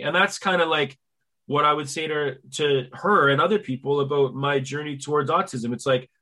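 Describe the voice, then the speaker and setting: A man in his forties hosting a podcast, telling long, animated stories full of acted-out quotes in a casual interview chat. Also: on the high side. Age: 40s. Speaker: podcast host.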